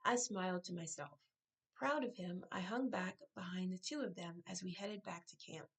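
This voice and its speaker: A woman author reading her own novel aloud, now and then breaking off to correct herself or make a quick aside. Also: fairly low pitch, fairly bright tone, breathy edge, poor audio.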